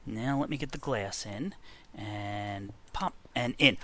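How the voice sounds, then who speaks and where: A man's voice: fairly low pitch, takes it slowly, a bit bright. A man giving casual, chatty commentary while playing a game, talking to himself with frequent exclamations. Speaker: gaming video creator.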